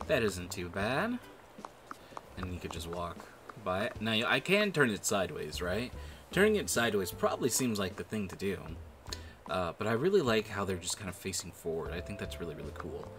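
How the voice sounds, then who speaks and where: A man's voice: deep voice, very animated, normal speed, a bit bright, slight background noise. A man giving casual, rambling gameplay commentary, with lots of fillers and swearing. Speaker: gaming video creator. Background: background music.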